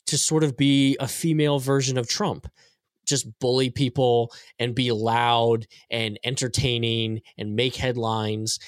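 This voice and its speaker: A man's voice: medium pitch, no room sound, clean studio sound. A man in a casual political podcast chat, talking bluntly with exasperation. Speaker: podcast panelist.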